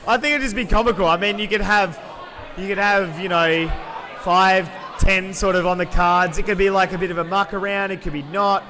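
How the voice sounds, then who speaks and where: A young Australian man co-hosting a podcast, loud and rambling, with lots of fillers and restarts. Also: sits high, steady tone, moderate pace, a faint crowd. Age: young adult. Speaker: podcast co-host. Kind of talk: casual chat.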